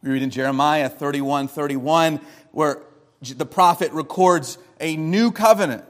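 A man, a pastor, preaching an expository sermon that teaches through the scripture and poses rhetorical questions, shifting his loudness and pace for emphasis. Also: fairly high pitch, normal speed.

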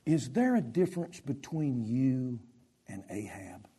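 A man preaching a sermon as pastor, with impassioned delivery that swings between loud and soft. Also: mid-range voice, big pitch swings, unhurried, slightly rough.

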